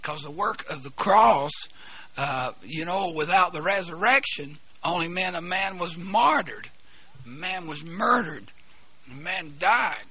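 A hoarse man preaching a sermon, halting and repeating words, then bursting into shouts. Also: a little high, animated. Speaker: pastor. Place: church.

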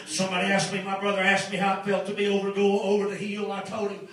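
A middle-aged man preaching a sermon as a story, exuberant, laughing often and breaking into shouted praise. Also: sits high, level tone, brisk, hardly any pauses. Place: large church hall. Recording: echoey church, distant mic, congregation. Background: congregation responding.

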